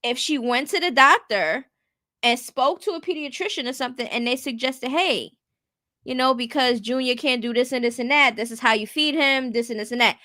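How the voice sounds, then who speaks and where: High, bright and forceful, her voice comes through with no room sound. She's a casual commentary host, blunt and rhetorical, who keeps turning to viewers with "you get what I'm saying".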